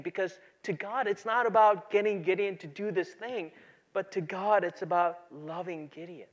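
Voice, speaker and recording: A man with a high voice preaches in a church, keeping it conversational and checking in with the congregation. He acts out quoted lines as he goes. The sound is a little dull and lo-fi. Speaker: pastor. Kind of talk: sermon.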